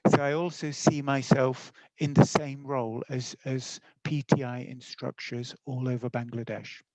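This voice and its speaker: Middle-aged male teacher educator, gravelly tone, dry close sound, friendly webinar presenter. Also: mid-range voice, a little mellow, dry recording, rough recording. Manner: friendly, explanatory, with fillers and self-corrections.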